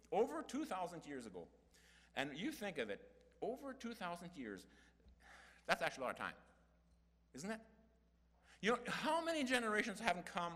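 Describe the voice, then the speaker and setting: A man's voice: a little high, a bit bright. Older man preaching in an echoing hall. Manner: earnest, folksy, with restarts and rising emphasis. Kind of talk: sermon.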